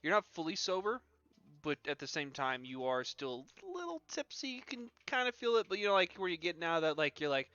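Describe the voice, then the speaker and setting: A man's voice: fairly high pitch, very animated, brisk, pushed and bright, no echo, muffled recording. A man running a tabletop game as game master, narrating loosely with lots of "like" and "um".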